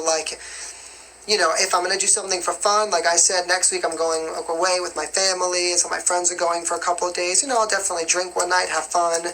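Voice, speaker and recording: A young New Yorker with a light New York accent casually answers viewer questions on a live stream, rambling and chatty and constantly saying "you know what I mean." His voice sits high with a sharp tone, and the rough recording has slight background noise.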